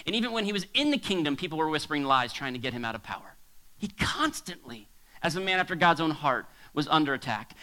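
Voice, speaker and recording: A male pastor preaching a sermon to a congregation, swinging between hushed asides and near shouts. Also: fairly high pitch, poor audio. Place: church hall with a congregation.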